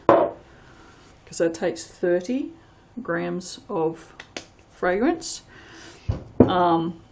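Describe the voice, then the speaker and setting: A woman's voice: on the low side, animated, drawn-out words, lo-fi sound, very noisy. A woman chatting casually as she reviews soap fragrances, rambling and reading product blurbs aloud. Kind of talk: casual unboxing chat.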